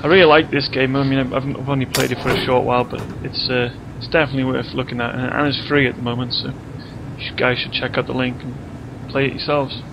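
A man's voice: mid-range voice, level tone, fast talker, creaky, lo-fi sound, background noise. A man hosting a let's play, chatting casually and jokily while reading game text aloud as he plays. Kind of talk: casual gameplay commentary. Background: game music.

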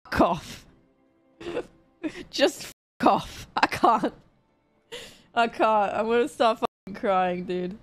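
A woman's voice: on the high side, lively intonation, slow pace, long pauses, no room sound, faint music behind. A woman streamer giving chatty, emotional let's play commentary, swearing freely as she reacts to the game. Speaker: gaming streamer.

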